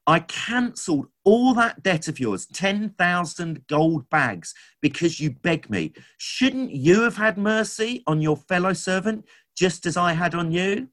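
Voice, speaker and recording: A man's voice: sits high, expressive, unhurried, a bit bright, voice pushed up. A man voicing a stern king rebuking an unforgiving servant. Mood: indignant. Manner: rebuking, indignant.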